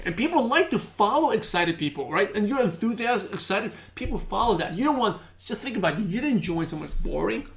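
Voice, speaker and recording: A business trainer with a high-sitting voice leads an energetic sales training. He repeats key points and acts out sample phone calls.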